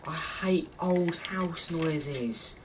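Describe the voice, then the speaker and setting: Jumpy young gamer joking over gameplay. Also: male voice, on the high side, extremely slow, background noise. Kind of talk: let's play commentary. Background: game music.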